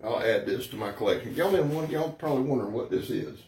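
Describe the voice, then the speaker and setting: A man's voice: mid-range voice, lively intonation, fast talker, a little mellow. A man giving a rambling, folksy, brash product review, talking straight to his viewers. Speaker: knife reviewer.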